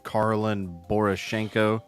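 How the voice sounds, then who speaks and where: Low smooth-voiced man, rambling livestream banter. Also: level tone, unhurried, faint music behind. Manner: rambling, profane, joking. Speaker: podcast co-host.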